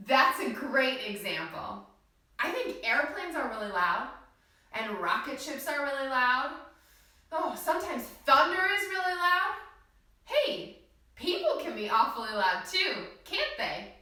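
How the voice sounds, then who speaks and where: Bright, lively woman leading kids' yoga. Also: sits high. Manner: gentle, encouraging, asks children questions. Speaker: kids yoga teacher. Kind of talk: children's yoga class. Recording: very echoey room from a distance.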